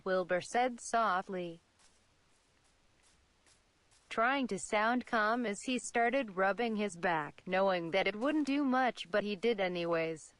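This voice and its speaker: Slow, dry-voiced young woman storyteller. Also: mid-range voice, no room sound. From Saudi Arabia. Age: 20s. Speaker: channel host. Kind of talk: reading a fan story aloud.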